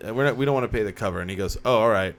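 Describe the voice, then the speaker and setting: A man's voice: fairly low pitch, very fast. A man talking casually on a podcast in a small studio. He tells stories with energy and acts out what other people said. He uses a mid-range voice. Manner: animated storyteller, acts out quotes. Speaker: podcast co-host. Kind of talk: casual chat.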